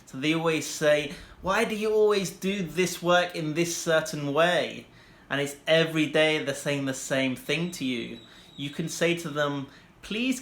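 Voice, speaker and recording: A young English teacher explains vocabulary to learners in a bright, slightly high voice, in an echoey room. His example sentences come slowly and deliberately, while his asides burst out quickly.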